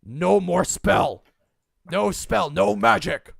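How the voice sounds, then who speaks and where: A man's voice: sits high, slow pace, over a noisy crowd, heavily acted. A man voicing a dim-witted male orc shaman who talks in broken words. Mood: scolding. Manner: broken speech, gruff.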